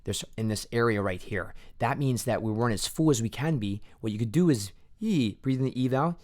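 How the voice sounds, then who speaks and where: A man coaching a choir on singing, talking quietly at home at night and losing his voice a little. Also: medium pitch, brisk. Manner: quiet, hushed speech to avoid waking kids. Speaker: vocal coach. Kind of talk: casual coaching talk over recordings.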